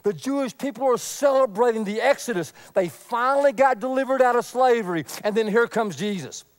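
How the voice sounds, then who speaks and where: A man preaching a sermon, earnest, swinging from loud emphasis to a near whisper. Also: extremely high pitch, expressive, fairly quick. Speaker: pastor.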